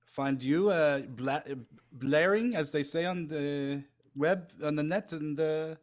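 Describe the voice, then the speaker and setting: A man voicing a scheming male French Canadian syrup crime boss with a put-on French accent, halting and full of pauses. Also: on the high side. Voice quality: halting speech with thick fake accent, many "uh" pauses. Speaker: game master voicing a character.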